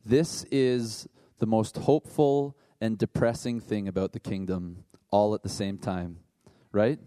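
A man who is a worship leader, preaching in a conversational, animated way with asides to the congregation. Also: on the low side, a little slow, dry recording. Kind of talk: sermon.

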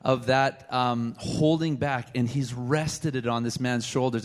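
A man ministering in church, speaking deliberately and praying a blessing over someone. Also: medium pitch, steady tone. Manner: measured, deliberate, prayerful. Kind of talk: prayer and exhortation.

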